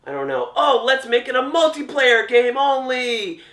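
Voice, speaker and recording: Goofy, overexcited game developers babble in a high, mocking sing-song, as a man puts them on. The voice jumps well above a normal speaking pitch, and the room around it echoes. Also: moderate pace, pushed and bright, distant mic, full character voice. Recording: roomy echo.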